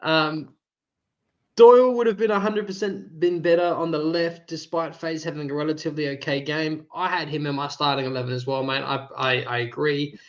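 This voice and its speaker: A man with an Australian accent, co-hosting a casual fan chat, jokey and quick to laugh. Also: on the high side, steady tone, highs cut off. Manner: jokey, chatty, laughs often. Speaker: co-host.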